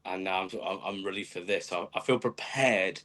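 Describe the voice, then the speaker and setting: An Australian man living in England chats casually as a podcast guest, telling stories in a dry, self-mocking style packed with fillers. He speaks at a moderate pace in a low, fairly bright voice.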